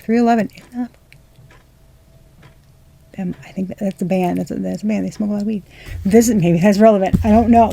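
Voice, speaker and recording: Chatty, mellow-voiced woman tarot reader. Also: medium pitch, creaky. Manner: rambling, swearing, half-laughing disbelief. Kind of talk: casual tarot reading vlog.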